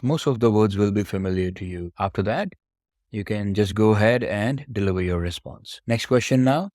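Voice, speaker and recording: A male teacher with a fairly low voice walks learners through exam technique patiently, one step at a time. His voice is recorded close and dry, with no room sound. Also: a little mellow, no echo.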